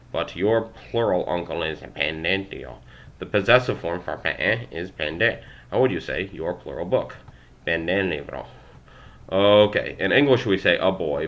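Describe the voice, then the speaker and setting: A young man with a very low voice reads from a language textbook, sounding out words one at a time. He trips over his pronunciation and keeps tossing in self-deprecating asides as he goes. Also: a bit bright. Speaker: language learner vlogger. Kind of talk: reading a textbook aloud with asides.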